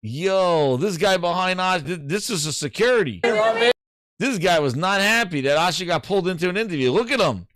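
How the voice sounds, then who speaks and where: Guy hosting a gaming show live, hyped and slangy, bouncy fairly high voice, super dry sound. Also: normal speed, no echo. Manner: excitable, laughing, slangy. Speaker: host. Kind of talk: casual live-show commentary.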